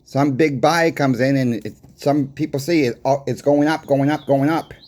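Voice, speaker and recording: A man's voice: mid-range voice, fairly even intonation, normal speed, a little mellow. Chatty Boston coin-shop man. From Boston, USA. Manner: conversational, repetitive, emphatic rhetorical questions. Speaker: coin shop owner, weekly market report host. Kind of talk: casual market report to camera.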